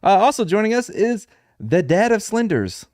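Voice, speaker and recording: A man's voice: high-pitched, sing-song, moderate pace, darkish tone, no echo. Male podcast host, young, jokey and rambling, dry close mic. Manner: joking, rambling, laughs often. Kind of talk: casual chat.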